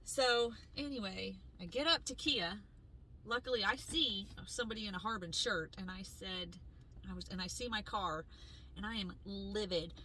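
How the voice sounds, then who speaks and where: A woman co-hosting a podcast, telling a story in casual chat, animated and swearing freely as she acts out what people said. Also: medium pitch, normal speed, slight background noise, low-quality recording. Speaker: podcast co-host.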